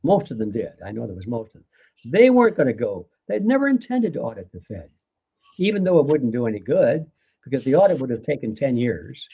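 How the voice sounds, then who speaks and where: Gravelly older man lecturing earnestly. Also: medium pitch, big pitch swings, a little fast, lo-fi sound. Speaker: guest author. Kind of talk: live conversation.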